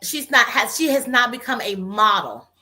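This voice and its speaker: Woman therapist, co-host; animated storyteller, bright and forceful delivery. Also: a little high, moderate pace. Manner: animated storytelling, acts out quotes. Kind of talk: casual conversation.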